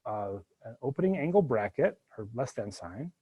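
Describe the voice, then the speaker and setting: A man's voice: mid-range voice, normal speed, breathy edge, dull audio. A man teaching a live spreadsheet coding lecture to his students, talking through each step with jokey asides. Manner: animated, jokey asides while working through code. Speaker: university instructor.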